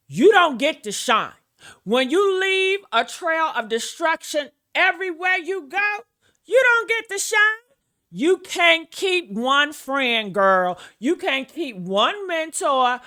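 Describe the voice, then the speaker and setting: A woman's voice: sits high, sharp tone. A woman ranting in a sassy, brash and profane gossip commentary, calling her listeners y'all and honey.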